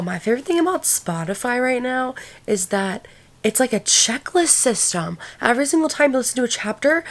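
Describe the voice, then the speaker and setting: A woman in her twenties chatting casually as a book vlogger, rambling with lots of fillers. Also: medium pitch. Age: 20s. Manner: chatty and rambling, full of "like" and "literally". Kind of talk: casual vlog chat.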